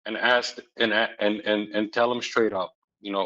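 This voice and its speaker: A man's voice: on the low side, flat delivery, moderate pace, few pauses, sharp tone. A man in casual chat giving blunt, straight-talking advice and teasing his partner. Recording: dull lo-fi sound.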